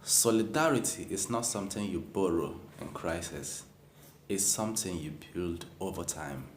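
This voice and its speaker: Deep-voiced man narrating in a roomy space. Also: expressive, a little hiss or hum. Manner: measured, grave. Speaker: channel narrator. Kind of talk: scripted narration.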